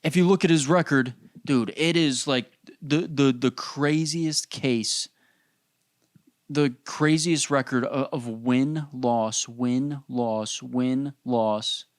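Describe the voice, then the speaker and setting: A podcast host, a man with a medium-pitched voice, rants casually and slowly on his own, rambling and swearing, with plenty of "dude" and "bro." The audio is studio quality with no room sound.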